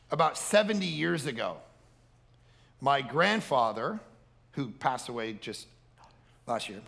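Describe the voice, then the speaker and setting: A man, a pastor, preaching a sermon with animated storytelling and a quiet prayer. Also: on the high side, vocal fry.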